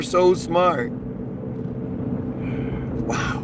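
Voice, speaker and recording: A man's voice: fairly high pitch, a little slow, pauses often, noisy background. A man ranting in an unscripted monologue, sarcastic and profane, stumbling over restarts and repeated words. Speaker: vlogger.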